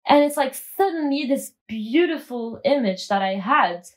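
A woman guest telling her story in a podcast interview, animated and acting out quoted dialogue, with frequent restarts. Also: high-pitched, a little slow.

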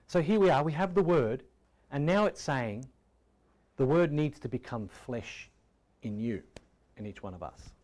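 A man preaching a sermon in a conversational way, asking rhetorical questions and often dropping to a soft, quiet tone. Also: mid-range voice. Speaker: pastor.

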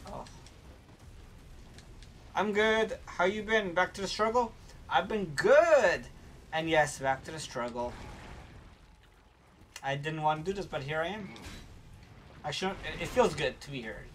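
A woman streamer gives casual play-by-play to her chat, with a pitch that jumps up and down. Faint hiss sits behind her voice. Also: expressive, unhurried, long pauses. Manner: chatty, reacts loudly to the game. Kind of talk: casual gameplay commentary.

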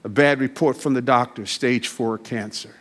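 A man preaching a sermon in a church, slowing down to stress key words, adding wry asides, and building to emphatic declarations. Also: fairly even intonation. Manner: builds from quiet, slow reflection to high, emphatic declarations. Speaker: guest preacher. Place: church sanctuary.

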